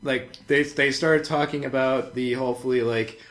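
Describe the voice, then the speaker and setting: Bright, giggly male co-host; casual podcast banter. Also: medium pitch, steady tone, moderate pace. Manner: laughs a lot, trails off quietly. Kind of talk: casual gaming podcast chat.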